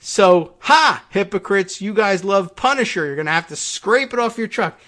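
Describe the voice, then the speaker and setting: Sarcastic high-voiced male podcast host. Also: big pitch swings, a little slow, fairly bright tone. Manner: sarcastic, mocks opponents with put-on quotes. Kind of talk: political commentary monologue.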